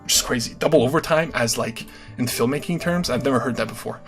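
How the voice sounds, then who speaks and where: An earnest man talks to his livestream audience in a loose, conversational monologue. He keeps checking in with quick asides, and his voice sits at an ordinary mid pitch. Faint music plays behind him. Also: a bit bright. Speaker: livestream host.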